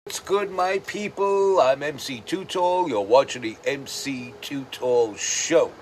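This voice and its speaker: A man's voice: medium pitch, takes it slowly, background noise. A man hosting his own show, delivering a profane, sarcastic ranting commentary. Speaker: host.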